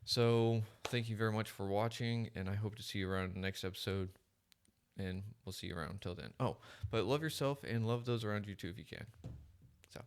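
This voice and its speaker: A man's voice: on the low side, a little fast, clear, resonant tone. A man hosting a casual product review of wireless microphones, chatty and upbeat with easy laughs. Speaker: podcast host reviewing microphones.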